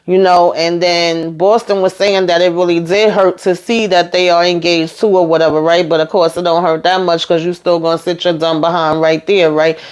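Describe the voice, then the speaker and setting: A woman's voice: on the low side, flat delivery, moderate pace, hardly any pauses, a little mellow, smooth. A woman hosting a reality show recap, giving sassy, opinionated commentary in a chatty, casual way.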